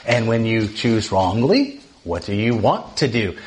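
A man teaching from the Bible in an easy, talkative way. He keeps checking in with "right?" and his voice climbs when he drives a point home. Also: measured pace. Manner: animated, often asks "right?", rises in pitch for emphasis.

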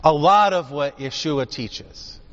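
A man's voice: a little high, slow, a bit bright. A man preaching a sermon, teaching emphatically and asking his listeners rhetorical questions. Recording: dull sound with long hall reverb.

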